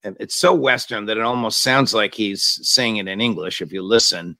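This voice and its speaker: A male host with a gravelly, rough-edged voice puts pointed, opinionated questions to his guest. His tone is bright and forceful. The sound is close and dry, with no room around it. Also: lowish voice, moderate pace, no echo. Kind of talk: talk show interview.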